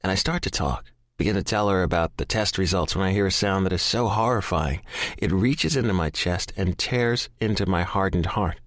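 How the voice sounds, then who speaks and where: Deep-voiced man narrating intensely. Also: moderate pace, no room sound, clean studio sound. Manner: profane, intense, emotionally charged. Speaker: audiobook narrator. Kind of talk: first-person romance audiobook narration.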